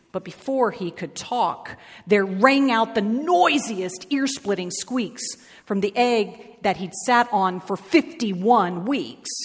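A woman reading a children's rhyming story aloud with an expressive, lingering delivery. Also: medium pitch, breathy edge. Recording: long hall reverb.

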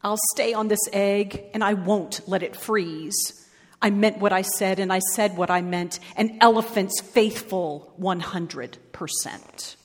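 A woman's voice: medium pitch, a little slow, long reverb tail, natural voice. A woman voicing a big, kind, faithful male elephant who speaks steadily and earnestly.

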